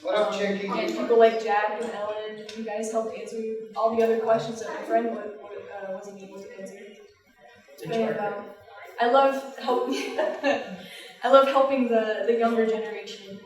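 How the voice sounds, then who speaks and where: A woman's voice: on the high side, flat delivery, moderate pace. A young woman on a panel, talking casually with fillers and frequent laughs. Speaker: panelist, paranormal investigator. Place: large event room with audience. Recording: echoey room, distant mic, crowd.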